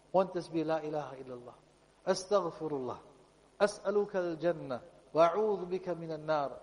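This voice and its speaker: A man preaching a pleading, emotional sermon that often drops to a soft voice. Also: a little high, in a large hall, low-quality recording. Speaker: Islamic preacher.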